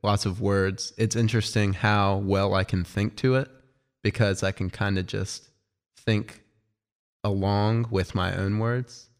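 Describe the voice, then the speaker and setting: A man co-hosting a casual album review, enthusiastic but halting, with many ums. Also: lowish voice, flat delivery. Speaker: music review co-host.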